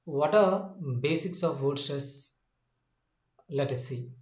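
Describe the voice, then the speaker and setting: A male English teacher walking through a slide-based lesson in a slow, deliberate way, repeating his points and pausing often with "uh" and "you know.". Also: mid-range voice, a little mellow. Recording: echoey room.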